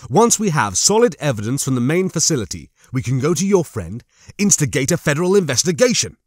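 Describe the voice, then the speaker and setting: A man doing a calm, formal team leader. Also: fairly high pitch, no room sound, clean studio sound. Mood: measured. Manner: formal, measured.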